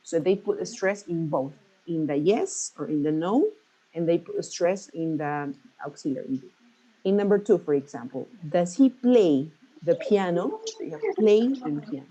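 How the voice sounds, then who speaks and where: Mellow low-voiced woman teaching English. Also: moderate pace, husky, low-quality recording. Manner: patient, checks in often with "right?". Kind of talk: explaining grammar in a class.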